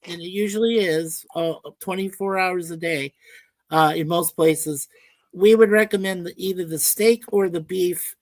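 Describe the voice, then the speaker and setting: A woman hosting a casual live-stream chat, chatty and quick to laugh, telling rambling stories. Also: fairly low pitch, no room sound. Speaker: host.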